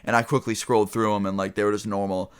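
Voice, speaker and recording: A man's voice: fairly low pitch, level tone, fast talker, clean tone. A young man telling a casual storytime vlog, rambling with lots of fillers and swearing. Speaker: vlogger.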